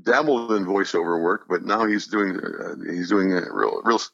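A man's voice: sits low, normal speed, creaky, a bit bright, dry recording, muffled recording. An older man, a voice actor guest in a casual interview, telling stories in an easygoing, self-deprecating way.

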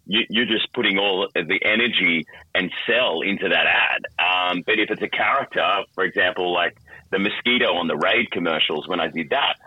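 Man, lowish voice, animated chat, dry dull-sounding home mic. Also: moderate pace, husky, no echo. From Australia. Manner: animated, acts out voices, many restarts. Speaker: voice actor and guest. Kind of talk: casual interview talk.

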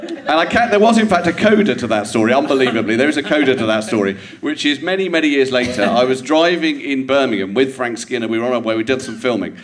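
A man's voice: medium pitch, fast. A middle-aged English man, a comedian guest, telling a long anecdote to a live theatre audience and acting out the quotes in it. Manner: animated storyteller who acts out quotes, builds to punchlines.

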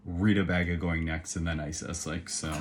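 A man's voice: sits low, normal speed, slight background noise. A man co-hosting a podcast in casual chat, rambling and full of fillers. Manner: rambling, filler-heavy, excitable. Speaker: podcast co-host.

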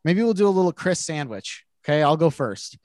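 A man's voice: on the high side, lively intonation, fairly quick, a crowd in the background. A man co-hosting a podcast, telling a self-mocking funny story in casual chat and laughing through it. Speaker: podcast co-host.

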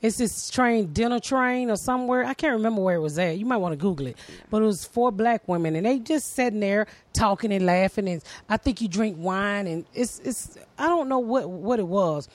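A middle-aged woman comedian with a deep voice, talking loudly and bluntly with plenty of swearing in casual chat. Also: lively intonation, fairly quick, few pauses, no echo. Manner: loud, blunt, profane. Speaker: comedian guest.

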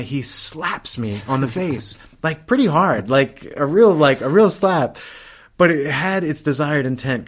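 A middle-aged man, a priest, telling a personal story in a casual interview, animated and laughing often. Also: medium pitch. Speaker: priest and campus chaplain, guest.

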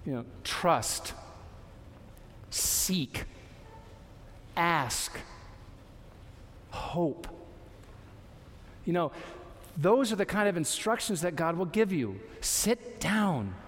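A man preaching a sermon as a pastor, conversational, with lively asides and acted quotes. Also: sits high, drawn-out words, long pauses, big-room sound, slight background noise. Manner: conversational, warm asides, playful voices for quotes.

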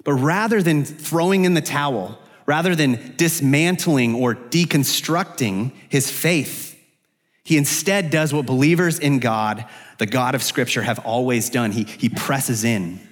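A man's voice: medium pitch, a little slow. A man preaching an expository sermon in a church, earnest and searching, lifting his voice when he speaks the prophet's prayers aloud. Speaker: pastor. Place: church sanctuary. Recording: long hall reverb.

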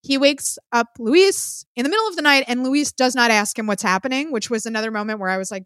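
A woman co-hosting a podcast, recapping a film in a casual, profane, lively storytelling way. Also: on the high side, brisk, clean tone, no room sound, studio quality. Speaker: podcast co-host.

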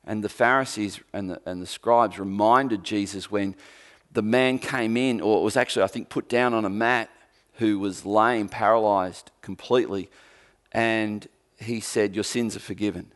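A man's voice: on the low side, steady tone, moderate pace. Emphatic man preaching a sermon. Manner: emphatic, rising to forceful peaks then dropping quiet; conversational with dry humour. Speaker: pastor.

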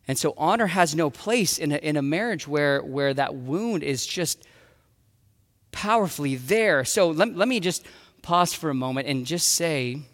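A pastor giving a sermon in an earnest way, acting out arguments between spouses. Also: male voice, a little high, big-room sound. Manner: earnest, acts out quarrels in voices. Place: church sanctuary.

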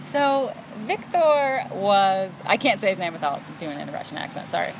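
A woman's voice: fairly low pitch, rapid-fire, gravelly, background noise. A woman from the United States co-hosting a podcast, telling stories in a candid, joking casual chat and laughing often. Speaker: podcast co-host.

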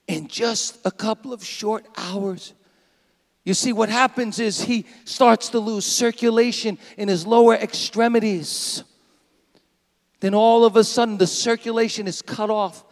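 A man preaching a sermon as pastor, dramatic and animated, now and then acting out a bleating sheep. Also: high-pitched, takes it slowly, big-room sound. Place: church sanctuary.

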